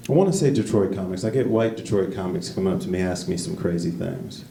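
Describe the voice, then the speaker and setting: A man doing a stand-up comedy set, rambling and correcting himself, with sudden jumps into high-pitched bursts. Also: fast, gravelly, mellow, recorded from a distance. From United States. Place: comedy club stage. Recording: echoey club recorded from afar, noisy. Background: audience laughter.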